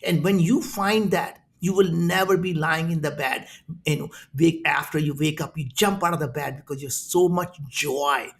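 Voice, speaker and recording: A man in his sixties from India with an Indian accent, a guest telling animated stories in an interview. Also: a little high, normal speed. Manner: animated, acts out quoted voices in his stories. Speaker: entrepreneur guest. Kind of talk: storytelling in an interview.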